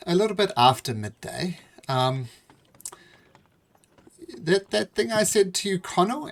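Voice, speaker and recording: A game master narrating a tabletop game over voice chat, lively and questioning. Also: medium pitch.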